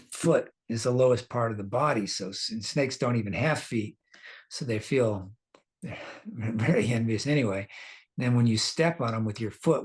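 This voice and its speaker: A man teaching a scripture class, telling the story casually, laughing now and then and quizzing his listeners. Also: medium pitch.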